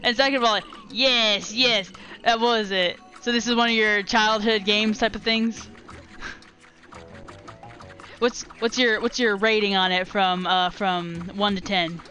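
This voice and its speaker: A young woman giving casual commentary while she streams a game, animated and quick to laugh. Her voice is bright and forceful, with faint music underneath. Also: medium pitch. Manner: animated, laughs often, chats with viewers.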